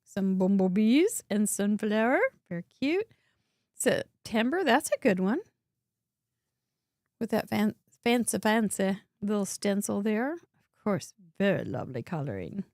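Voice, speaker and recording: A woman's voice: medium pitch, sing-song, a little slow, a little mellow, dry recording, studio quality. A woman hosting a live cardmaking show, chatting and exclaiming as she shows viewers' cards. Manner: chatty, exclaiming, with frequent laughs. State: coughing, throat dry. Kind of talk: casual live-stream chat showing viewer cards.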